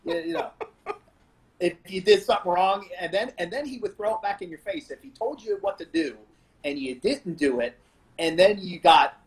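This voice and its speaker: Higher-voiced man telling gym stories. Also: normal speed, rough recording. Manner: animated, laughing reminiscence. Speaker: podcast guest, jiu-jitsu black belt. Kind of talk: casual storytelling.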